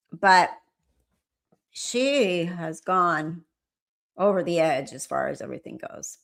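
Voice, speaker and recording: A woman commentator talking casually on a live stream, with a bright, forceful tone. Her voice sits a little low, and she keeps answering her viewers' comments as she reads them.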